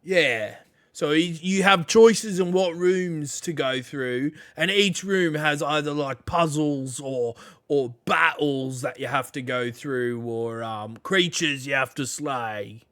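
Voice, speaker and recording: A man running a tabletop game as game master, relaxed and laughing often, with many fillers. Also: on the high side, slow, no room sound, clean studio sound.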